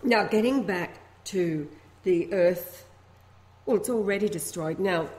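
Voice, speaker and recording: A woman co-hosting a talk-radio show, speaking in a measured, matter-of-fact way. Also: fairly low pitch, a little mellow, reverberant. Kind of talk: casual talk-radio chat.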